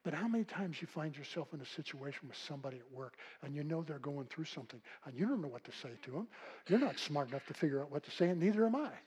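An older man preaching a sermon with a husky voice, telling folksy stories and swinging from loud calls to hushed, quiet passages. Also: on the high side, animated, fast talker, rough recording. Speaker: pastor.

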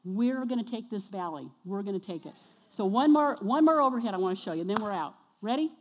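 A woman preaching a sermon to her congregation, energetic and exhorting, often questioning the listeners. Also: medium pitch, fast talker. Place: church sanctuary. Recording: long reverb of a church hall.

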